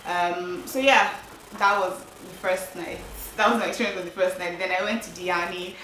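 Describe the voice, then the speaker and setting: A woman's voice: on the low side, steady tone, normal speed, fairly bright tone, a little hiss or hum. A young woman vlogging her trip in a chatty, casual way, full of "like" and "um" fillers. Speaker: travel vlogger. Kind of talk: casual chat to camera. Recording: roomy, distant mic with faint ambience.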